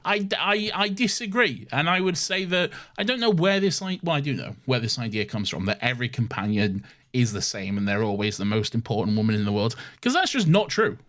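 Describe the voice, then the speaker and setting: A man's voice: mid-range voice, lively intonation, fairly quick, fairly bright tone. Brief: man, podcast co-host, mid-range voice, jokey and profane casual chat. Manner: laughing, swearing, joking.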